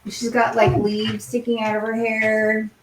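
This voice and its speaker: A woman's voice: a little high, monotone, echoey room, a little hiss or hum, poor audio. Woman narrating a tabletop game. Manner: casual, halting, with fillers. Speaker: game master.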